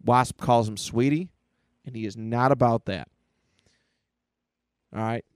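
A man's voice: medium pitch, measured pace, smooth, no echo. A man co-hosting a casual podcast, enthusiastically retelling an old comic book aloud. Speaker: podcast co-host. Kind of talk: casual chat.

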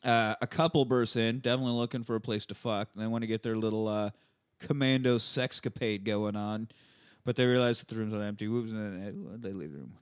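A man hosting a podcast, recapping a movie in a loose, profane way and slipping into quick character voices. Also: medium pitch, smooth, no room sound, clean studio sound. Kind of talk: casual chat.

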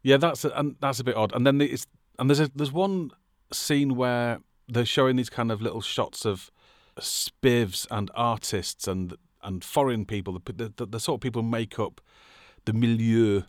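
A man's voice: mid-range voice, moderate pace, no room sound, studio quality. A man from England co-hosting a casual film podcast, wry and thoughtful. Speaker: podcast co-host.

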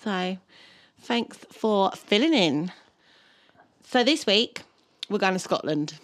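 A woman's voice: medium pitch, very animated, slow, no room sound, clean studio sound. A woman co-hosting a podcast, chatting casually, laughing often and reading history notes aloud. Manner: giggly, reads notes aloud. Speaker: podcast co-host.

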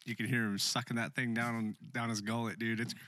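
A man's voice: mid-range voice, level tone, a little fast, sharp tone, no echo. A man co-hosting a podcast in casual chat, swearing often and laughing in disbelief. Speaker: podcast co-host.

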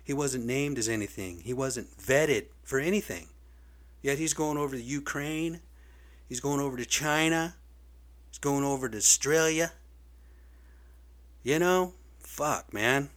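A man's voice: mid-range voice, unhurried, long pauses, a bit bright. A man ranting in a vlog monologue, blunt and profane, getting worked up and swearing freely. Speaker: video blogger. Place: lives in Seattle area.

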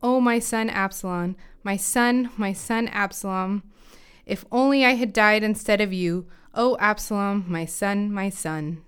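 An old king mourns his son as a woman reads his words. The voice is soft and mournful but barely changed from a plain reading voice, very clear and smooth. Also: medium pitch, unhurried, lightly acted. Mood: grieving.

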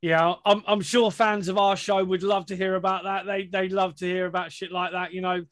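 Man, high voice, podcast host, enthusiastic, dry close recording. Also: flat delivery, moderate pace, fairly bright tone, dry recording. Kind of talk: casual podcast interview.

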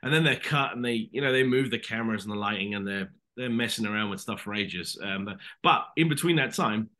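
A British man around forty, a guest actor telling rambling, animated stories in a casual podcast interview. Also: lowish voice, fairly quick. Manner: rambling animated storytelling, says "mate".

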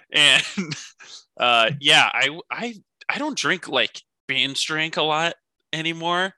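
A man's voice: fairly high pitch, expressive, slow pace, pushed and bright, clear, resonant tone, no room sound. A man co-hosting a podcast, chatting casually and joking with plenty of laughs. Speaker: podcast co-host.

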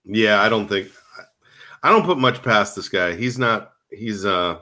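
A man tells animated stories in a casual comedic chat. His voice is bright and jumps widely in pitch. He talks like a podcast co-host. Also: unhurried. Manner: animated storytelling with laughs.

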